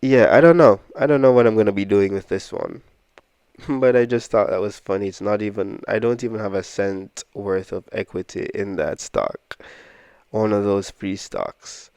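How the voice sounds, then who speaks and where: Male investing vlogger, low gravelly voice, rambling and self-deprecating, dry close sound. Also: normal speed, darkish tone, dry recording. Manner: rambling, self-deprecating, thinking aloud with frequent "I don't know". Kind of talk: casual portfolio walkthrough.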